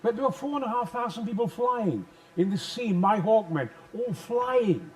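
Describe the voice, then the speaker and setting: An older man with a Yorkshire accent, an actor telling stories in an interview with booming, theatrical bursts. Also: animated, moderate pace, a little mellow. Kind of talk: animated anecdote telling.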